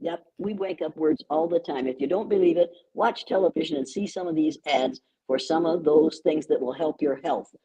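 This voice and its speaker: An older American woman, a guest educator in a conversational interview, speaks emphatically and repeats words for stress. Her voice is low, dark and slightly rough, at normal speed with few pauses, and the audio quality is poor.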